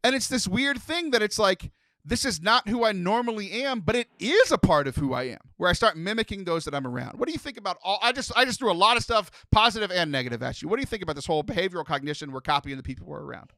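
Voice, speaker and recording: A man from Texas hosting a podcast, telling stories in an animated, rambling way. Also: high voice, fast, no room sound. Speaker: podcast host. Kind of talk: casual podcast chat.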